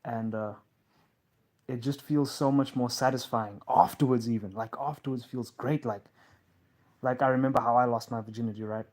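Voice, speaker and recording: A man hosting a live Q&A from a couch in a lounge, talking in a loose, rambling way. He fills pauses with um and like, and addresses listeners as bro and man. His voice sits at an everyday middle pitch. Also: fairly even intonation, a little mellow. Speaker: host of a live Q&A stream. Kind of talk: casual live-stream talk.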